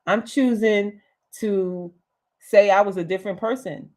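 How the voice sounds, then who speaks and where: A woman's voice: mid-range voice, steady tone, measured pace, darkish tone. A woman hosting a livestreamed motivational talk, speaking emphatically, repeating key phrases, with casual slang. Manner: emphatic and repetitive, uses slang. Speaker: host.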